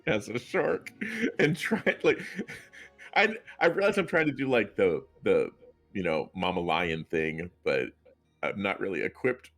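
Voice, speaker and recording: A man's voice: sits low, expressive, measured pace, a bit bright, faint music behind. A man playing a tabletop game, giggly, self-mocking and rambling. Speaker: player.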